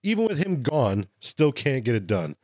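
A man co-hosting a casual podcast, retelling tabletop game lore with profanity and quick asides. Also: mid-range voice, very animated, a little mellow, no room sound, studio quality. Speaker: podcast co-host.

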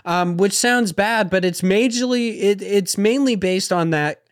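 A man on a casual podcast, talking in a rambling way and packing his sentences with filler words. His voice sits a bit higher than most men's and sounds close and dry, with no room around it. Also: a little slow, clean tone, no room sound. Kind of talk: casual gaming podcast chat.

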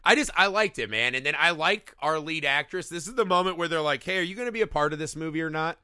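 Bright upbeat guy gushing about a horror flick, swears a lot, dry close mic. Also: on the high side, clean tone, no echo. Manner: excited, profane, acts out scenes in quick bursts. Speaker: podcast co-host. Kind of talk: casual film review chat.

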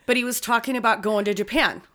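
A woman chatting casually, animated and swearing freely as she acts out funny stories. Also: a little high, fast. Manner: animated storyteller, swears often, acts out quotes. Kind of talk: casual chat.

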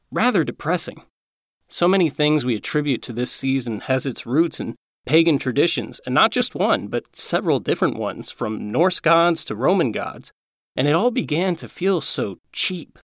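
A man's voice: mid-range voice, no echo. Earnest male storyteller, dry sound. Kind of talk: reading a Christmas story aloud.

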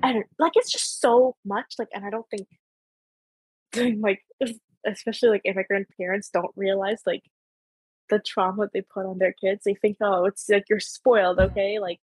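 A woman's voice: medium pitch, fairly even intonation, moderate pace, husky, no room sound, poor audio. A young woman with a Canadian accent from Ontario, hosting a podcast in casual chat, rambling with many fillers. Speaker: podcast host.

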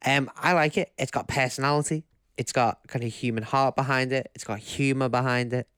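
A man's voice: mid-range voice, steady tone, a little fast, fairly bright tone, clean tone, no echo, clean studio sound. A man with a Liverpool accent co-hosting a casual podcast, joking and chatty. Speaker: podcast co-host.

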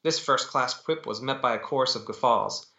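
A man, an author, reading his own novel aloud in steady, dramatic first-person narration over a video call. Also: medium pitch, moderate pace, vocal fry. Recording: dull echoey call audio.

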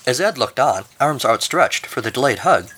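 A man's voice: medium pitch, very animated, moderate pace, fairly bright tone, breathy edge. A man hosting a podcast, narrating a comic story and reading the outro with dry, jokey asides. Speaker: podcast host.

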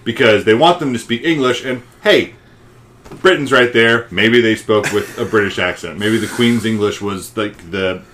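A man's voice: on the low side, moderate pace, a bit bright, a little hiss or hum. A man co-hosting a movie podcast, ranting and swearing freely in casual discussion. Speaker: podcast co-host.

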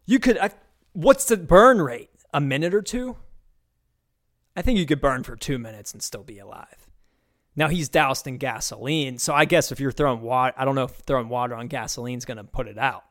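A man's voice: mid-range voice, moderate pace, a bit bright. A man hosting a podcast, talking in a loose, sarcastic and incredulous way, rambling through his thoughts. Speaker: podcast host. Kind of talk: casual commentary.

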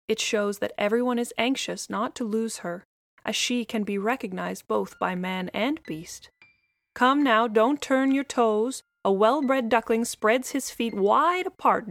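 A proud, fussy mother duck, voiced by a woman reading a storybook lectures her brood in a slightly lifted, gravelly voice. The sound is dry and close. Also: medium pitch, fairly bright tone, no echo.

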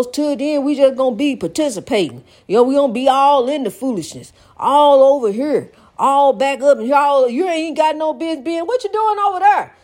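A woman's voice: high voice, darkish tone. An older woman giving a rambling spiritual pep talk in a preachy, exhorting way, repeating phrases and calling her listener honey. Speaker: vlogger.

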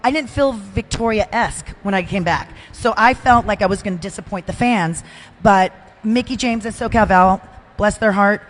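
A woman's voice: medium pitch, moderate pace, a little hiss or hum. An older woman chatting as a podcast guest, emotional and self-deprecating, with frequent restarts. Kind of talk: casual chat.

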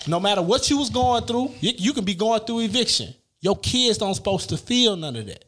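A man's voice: sits high, lively intonation, fairly quick, hardly any pauses, fairly bright tone. A young man, a father, arguing emphatically in casual slang-heavy chat. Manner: emphatic, slangy, repeats "you get what I'm saying".

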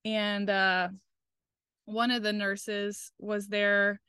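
A woman's voice: mid-range voice, flat delivery, drawn-out words, bright, forceful tone, clean tone, no room sound, studio quality. A young woman talking casually and candidly as a podcast co-host, swearing freely as she tells a personal story and quotes the people in it.

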